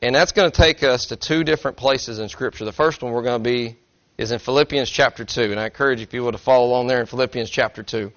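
A man's voice: mid-range voice, quick pace, hardly any pauses, fairly bright tone. Folksy joking man preaching a sermon. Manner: folksy, self-deprecating, joking. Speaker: pastor. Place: church sanctuary. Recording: dry, slightly dull recording.

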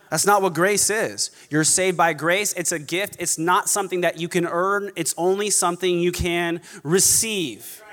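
A man preaching a sermon, animated, mocking snobby voices now and then. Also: high-pitched, normal speed, big-room sound. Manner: animated, mocks snobby voices in quoted asides. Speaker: pastor.

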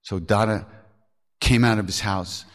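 A man's voice: on the low side, fairly even intonation, unhurried, fairly bright tone. A man hosting a podcast, telling spiritual stories in a frank, earthy way, swearing and laughing at himself. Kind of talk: candid storytelling talk.

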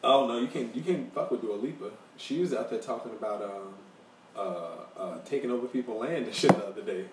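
A man co-hosting a podcast in casual banter, teasing his friend and jumping up in pitch when he mimics other people. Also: fairly quick, a little mellow. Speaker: podcast co-host. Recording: roomy echo, a bit distant, faint hiss.

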